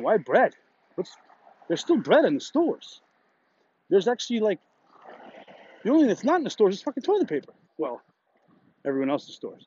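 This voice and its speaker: A man's voice: mellow, husky, muffled recording. A man hosting a podcast, telling rambling, profane stories in a casual monologue. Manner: rambling, profane, jumps up in pitch for quoted voices. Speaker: podcast host.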